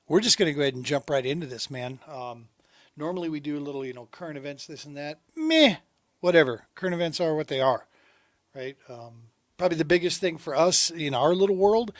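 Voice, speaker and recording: A middle-aged man hosting a podcast, talking in a relaxed, rambling way and calling his guest "dude" and "man". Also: fairly high pitch, dry recording, clean studio sound. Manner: laid-back, rambling, says dude and man often. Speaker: podcast host. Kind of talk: casual interview chat.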